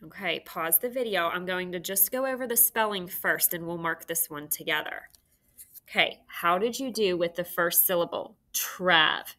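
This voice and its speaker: A woman teaching a phonics lesson to young children, giving slow, clear, encouraging instructions. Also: lowish voice, bright, forceful tone.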